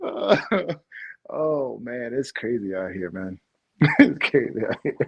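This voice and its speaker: A man's voice: mid-range voice, lively intonation, slow, creaky, husky, highs cut off. A man co-hosting a casual podcast chat, laughing often and acting out the quoted voices in his stories. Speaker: podcast co-host. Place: home couch.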